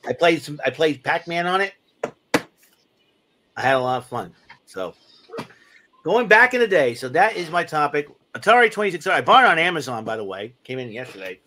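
Very animated and brisk, this slightly high-voiced podcast co-host pauses often as he rambles through an enthusiastic gadget show-and-tell loaded with fillers. His tone is pushed and bright, with slight background noise in the casual chat.

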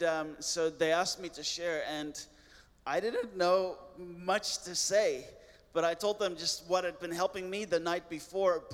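Earnest man telling testimony, reverberant sound. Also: high voice. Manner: earnest, halting restarts. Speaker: missionary guest. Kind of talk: personal testimony storytelling.

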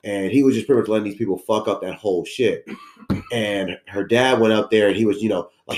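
A man's voice: fairly low pitch, a little fast, darkish tone. A young man co-hosting a podcast, talking casually with friends in a laid-back way, laughing often and swearing freely. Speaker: podcast co-host. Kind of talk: casual chat among friends. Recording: echoey room.

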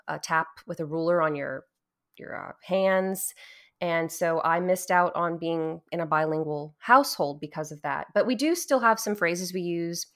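A woman from Louisiana, co-hosting a casual chat about a video game, telling stories in an animated way and laughing often. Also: low voice. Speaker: podcast co-host.

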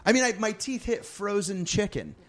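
Animated storytelling comedian, exasperated. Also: male voice, high-pitched, normal speed. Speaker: stand-up comedian. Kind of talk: casual storytelling chat.

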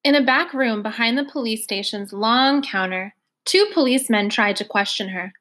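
A woman reading a novel aloud for listeners to follow along, in a steady storytelling manner. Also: on the high side, moderate pace. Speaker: reader.

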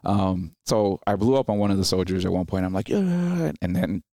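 He's a man in his thirties, a Marine veteran guesting on a podcast, and his low, creaky voice moves at a moderate pace. The recording is dry and clean, studio quality. Telling stories in a casual interview, he's animated and acts out quoted people with a raised voice.

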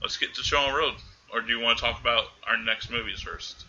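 Man, casual movie recap chat, very bright tone, dull lo-fi sound. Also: medium pitch, a little fast, a little hiss or hum. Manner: animated retelling, acting out characters' lines. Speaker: podcast co-host.

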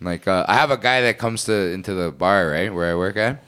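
A man's voice: deep voice, brisk, fairly bright tone, smooth. A man, co-hosting a podcast in crude, casual banter and telling blunt stories. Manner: blunt, swearing, storytelling. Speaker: podcast co-host.

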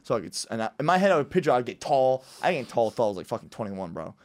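A man's voice: medium pitch, very fast. A young man on a casual podcast, telling childhood stories with lots of "bro" and acted-out voices. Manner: animated storyteller, acts out voices, says "bro" a lot. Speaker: podcast co-host. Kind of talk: casual chat.

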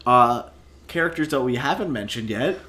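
A woman in a relaxed, easily amused casual chat about a movie. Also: very deep voice, moderate pace. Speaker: podcast co-host.

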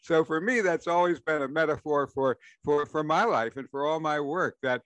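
A man's voice: fairly high pitch, fairly bright tone, no room sound. A man telling a family story over a video call, often laughing and restarting his sentences. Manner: laughs while talking, halting restarts. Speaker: guest storyteller. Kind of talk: casual storytelling.

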